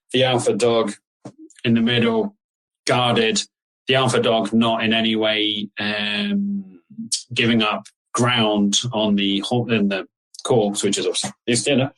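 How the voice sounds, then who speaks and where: A man's voice: mid-range voice, fairly bright tone, low-quality recording. A man narrating as the game master of an improvised tabletop game, loose and casual, swearing freely.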